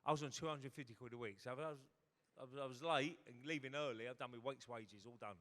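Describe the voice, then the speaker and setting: Quick and fairly bright, this mid-range male voice belongs to a guest who used to play football. Onstage in a hotel ballroom, he delivers a profane anecdote and performs other people's lines, and the audio carries a large hall's long reverb.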